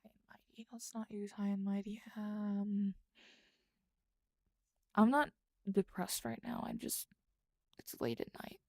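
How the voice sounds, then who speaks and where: Gravelly slow-talking woman streamer. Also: medium pitch, level tone, a little mellow, no room sound, clean studio sound. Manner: rambling, thinks aloud while typing, answers chat. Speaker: streamer and writer. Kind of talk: casual live-stream chat while writing. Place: at home late at night.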